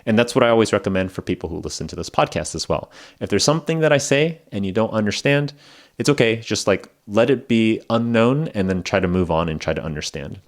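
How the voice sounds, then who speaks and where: A low-ish male voice with lively intonation and fast delivery belongs to an English-teaching podcast host who lives in Japan. He gives a casual, rambling spoken lesson, heavy on fillers and chuckles at his own expense.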